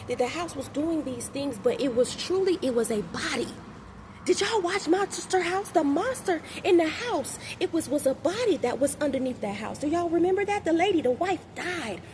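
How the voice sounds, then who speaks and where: Woman, high voice, casual spiritual vlog, emphatic, slangy, swings loud to hushed, faint background noise. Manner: slangy, talks straight to viewers. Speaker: mother and motivational vlogger.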